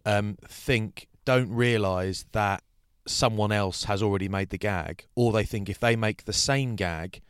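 A man co-hosting a casual chat, telling anecdotes in an animated way and mimicking other people. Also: lowish voice, measured pace, few pauses, clean tone, no echo, studio quality. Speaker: podcast co-host.

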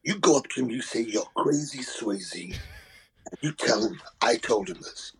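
A man voicing a drunk, forgetful American movie tough guy who talks low and halting. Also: animated, close to an everyday voice, rough recording. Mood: drunk mumbling.

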